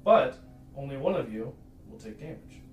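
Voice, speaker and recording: A man's voice: medium pitch, animated, normal speed. A man narrating a tabletop role-playing game as game master, rambling loosely and laughing often. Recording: roomy, distant mic, faint noise.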